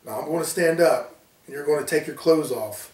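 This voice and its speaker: A man's voice: a little high, fairly quick, a little mellow, close to an everyday voice. A man reading a horror story aloud, voicing a deranged young male killer with a cold, taunting manner. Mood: cold commanding. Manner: taunting, menacing. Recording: roomy, distant from mic.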